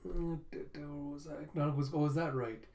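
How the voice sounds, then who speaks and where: A man's voice: a little high, steady tone, a little fast, creaky, darkish tone. A man casually recapping manga chapters as a reaction host, rambling and swearing now and then. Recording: roomy echo.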